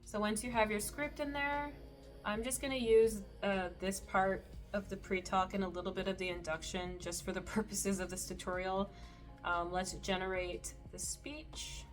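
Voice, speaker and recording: A woman hosting a screen-recorded tutorial, explaining settings in a relaxed, explanatory way with the odd soft laugh. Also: mid-range voice, normal speed, soft background music. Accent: Canadian. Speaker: meditation creator and tutorial host.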